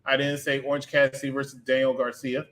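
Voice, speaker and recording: A man's voice: mid-range voice, monotone, quick pace, fairly bright tone. A man co-hosting a wrestling podcast, talking in an emphatic, ranting way with bursts of laughter. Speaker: podcast co-host. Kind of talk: casual wrestling chat.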